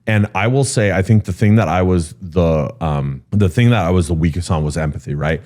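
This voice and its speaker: A man with a deep, low voice talks through a story in an interview. He is candid and animated, and he leans on "um" and "you know" as he goes. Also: a little fast. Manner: animated storyteller who jumps high when quoting people; frequent fillers like um and you know. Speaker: guest, real estate executive.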